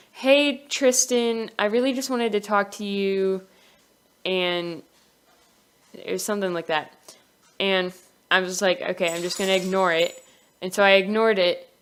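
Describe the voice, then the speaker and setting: A woman's voice: lowish voice, a bit bright, clear, resonant tone. A young woman casually telling a personal story for her animation channel, giggling often and acting out the quoted lines.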